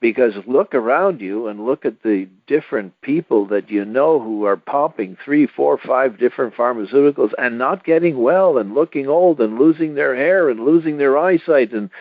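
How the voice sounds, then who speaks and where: A man's voice: medium pitch, animated, no room sound. Earnest male radio host, tinny sound. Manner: earnest, persuasive, halting. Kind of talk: radio talk show pitch.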